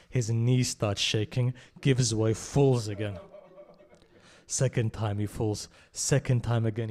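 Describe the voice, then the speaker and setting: A man delivers an emotional religious recitation at a mourning gathering. His mid-range voice rises to loud, impassioned cries and then sinks back to a quiet, heavy tone. He keeps pulling the listeners in with direct questions. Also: mid-range voice. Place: religious centre hall.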